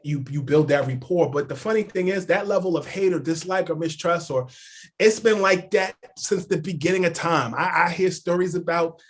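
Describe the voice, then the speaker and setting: A man telling stories as a sports journalist guest on a casual podcast, animated and full of "like" and "yo". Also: fairly high pitch, moderate pace.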